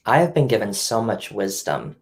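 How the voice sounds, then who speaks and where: A young woman speaking as a guest on a live panel. She talks thoughtfully and hesitantly, pausing with many ums. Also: very deep voice, sing-song. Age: young adult.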